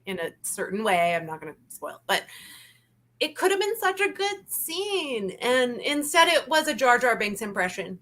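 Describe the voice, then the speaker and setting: A woman hosting a casual review chat, talking in an animated, emphatic way and repeating her points. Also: fairly high pitch, normal speed. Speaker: channel host.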